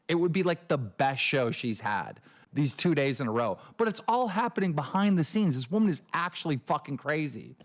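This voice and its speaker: Guy ranting on a livestream, swears nonstop, does shrill impressions of people. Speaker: show host. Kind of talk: casual livestream chat.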